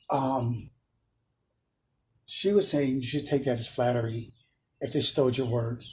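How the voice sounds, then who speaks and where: A man hosts a spiritual channel in a casual monologue, boastful and emphatic. He hammers points home by repeating phrases. His voice sits at an ordinary pitch, with faint noise underneath. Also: a little mellow.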